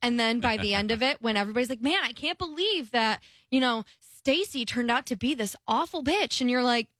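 Bright, chatty young woman. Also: fairly high pitch, animated, fairly quick, no echo, studio quality. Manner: chatty, acts out quoted voices. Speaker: podcast co-host. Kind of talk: casual chat.

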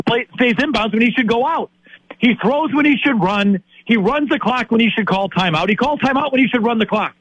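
A man's voice: sits high, fairly bright tone, slightly rough, no echo, muffled recording. A man in his late fifties from Wisconsin, a sports talk host ranting in exasperation and tripping over repeated words. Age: 50s.

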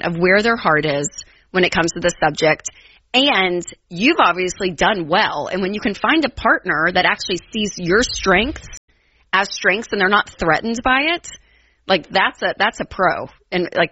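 A woman's voice: on the low side, sharp tone, husky. A woman co-hosting a call-in advice radio show, chatty and rambling, with lots of fillers. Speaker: radio co-host. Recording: dull lo-fi radio broadcast sound.

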